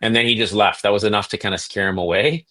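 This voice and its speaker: A man from Canada, a reptile breeder and podcast guest, telling animated stories and acting out quotes. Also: fairly low pitch, fast talker. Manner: animated storyteller, acts out quotes. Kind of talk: casual podcast storytelling.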